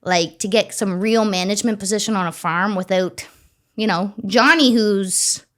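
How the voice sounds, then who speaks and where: Woman in her 30s, farmer guest on an interview, chatty and animated, swears casually, middle pitch. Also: normal speed. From Ontario, Canada.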